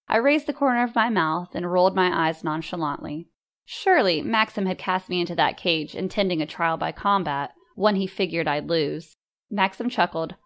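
A woman reading a story aloud in measured, composed first-person narration. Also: lowish voice. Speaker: audiobook narrator.

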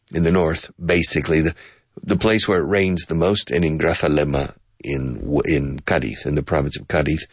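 Deep gravelly guy teaching english casually, playful, goes up and down a lot, husky. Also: dry recording, clean studio sound. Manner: playful, repeats phrases slowly, switches to Spanish to explain. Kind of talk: casual language lesson.

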